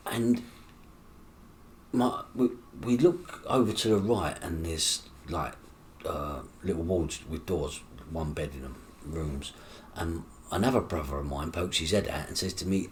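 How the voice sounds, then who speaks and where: A man's voice: sits low, moderate pace, a little hiss or hum. A middle-aged man, telling his life story in an interview. He acts out the dialogue in his story and swears freely. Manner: animated, acts out quoted dialogue with coarse swearing. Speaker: guest.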